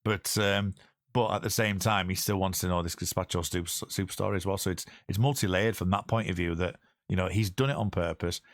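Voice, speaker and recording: A low-pitched man hosts a podcast in a loose, casual chat. He rambles and restarts his sentences as he works through a point. His voice sounds close and dry, with no room around it. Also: brisk, no room sound. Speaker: podcast host.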